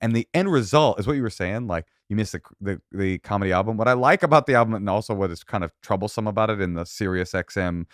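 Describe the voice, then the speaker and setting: A man in his forties, a comedian guest on a podcast, talking fast with quick restarts. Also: on the low side, expressive, no echo, studio quality. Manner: fast, talky, self-correcting restarts. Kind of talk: casual conversation.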